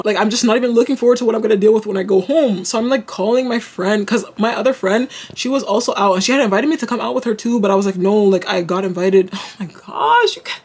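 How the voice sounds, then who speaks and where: A young woman from Canada, telling a storytime to her vlog audience in an animated, slangy way full of fillers. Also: medium pitch, husky. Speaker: vlogger. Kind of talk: casual storytime.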